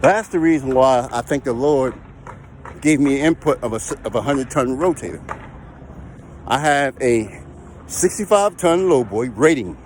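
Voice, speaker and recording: Speaking unhurriedly in a mid-range, darkish, expressive voice, a heavy equipment and recovery operator talks to camera about the job in relaxed vlog style. He repeats himself and keeps checking in with whoever's watching, with slight background noise present.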